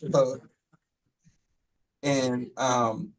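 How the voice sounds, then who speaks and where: A man who leads a school, giving a relaxed, rambling report to the board, full of fillers and quoted asides. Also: medium pitch, takes it slowly, creaky, long pauses, distant mic, a crowd in the background, rough recording. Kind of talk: casual spoken report at a meeting.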